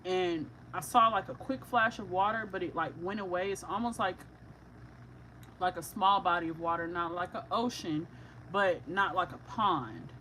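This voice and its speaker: A woman doing a psychic reading for viewers, talking casually and excitably with slang, often breaking into laughter. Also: lowish voice, moderate pace, slight background noise, rough recording. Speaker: psychic reader.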